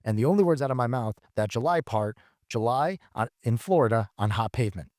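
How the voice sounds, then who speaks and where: Fast-talking man telling a wild story. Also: medium pitch, dry recording, studio quality. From the Bronx, New York. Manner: profane, animated storytelling with acted-out quotes. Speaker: podcast guest. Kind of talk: casual storytelling chat.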